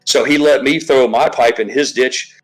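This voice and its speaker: A man's voice: mid-range voice, steady tone, normal speed, soft background music, low-quality recording. A man chatting casually on a live stream, rambling, swearing freely and restarting his sentences often. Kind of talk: casual chat.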